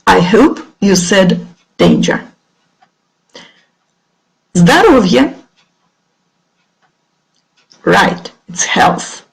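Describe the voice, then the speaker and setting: Russian-accented woman teacher, slowish, voice goes up and down a lot, clear drill style, bit of gravel in it. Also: mid-range voice, sing-song, poor audio. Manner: slow, clear teacherly delivery, drawing out words for pupils to repeat. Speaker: English teacher. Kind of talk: online lesson, pronunciation drill.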